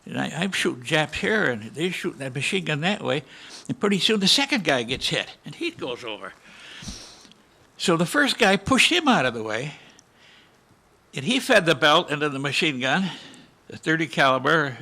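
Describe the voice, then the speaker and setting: Man in his 80s, veteran panelist, gravelly edge, storytelling with spoken gunfire. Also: on the high side, big pitch swings, moderate pace, pushed and bright. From United States. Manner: vivid, with spoken gunshot sounds. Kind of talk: storytelling to a live audience. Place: conference hall panel.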